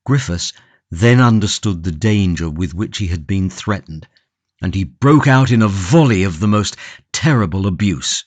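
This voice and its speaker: A man narrating a classic novel audiobook in a measured, steady reading from a close studio mic. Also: deep voice, dry recording. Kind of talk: scripted narration.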